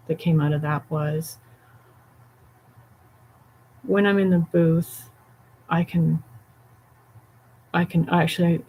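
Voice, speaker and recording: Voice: medium pitch, mellow, slight background noise, rough recording. A voiceover artist talking casually to camera, candid and reflective, rambling and self-deprecating.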